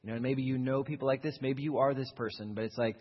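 A man's voice: mid-range voice, fairly even intonation, quick pace, breathy edge. A man preaching a sermon as pastor, earnest and conversational, explaining his points and acting out quoted voices. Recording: dull long reverb of a large hall.

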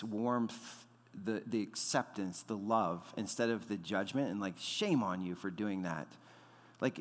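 A man's voice: on the low side, a bit bright. A man in his thirties preaching a sermon as pastor, conversational, with frequent fillers and repeated words. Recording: long hall reverb.

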